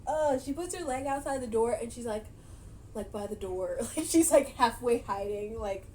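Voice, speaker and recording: A woman's voice: fairly high pitch, expressive, normal speed, warm tone, a little hiss or hum, poor audio. A woman casually recapping a movie she watched, chatty and laughing often, with many fillers. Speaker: movie reaction vlogger.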